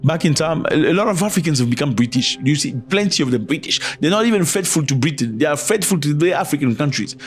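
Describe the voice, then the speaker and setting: Emphatic man ranting on his vlog. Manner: emphatic and preachy, pushing pitch up to stress points. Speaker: host. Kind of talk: opinion commentary vlog.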